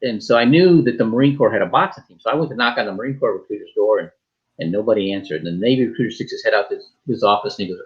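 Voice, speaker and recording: A man from Michigan, a talk show guest, telling a story in a joking, animated way with quoted dialogue and restarts. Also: fairly low pitch, very fast, highs cut off.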